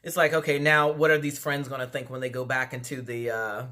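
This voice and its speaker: A chatty vlogger gossips through a reality TV recap from home. The talk is full of asides and fillers. The voice sounds bright and tense, at a middling pitch. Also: level tone, fairly quick, slight background noise. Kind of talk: casual chatty commentary.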